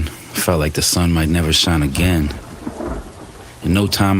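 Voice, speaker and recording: A man voicing a brooding hardboiled detective narrator in an animated comic, with deep, flat scripted noir narration. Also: natural voice.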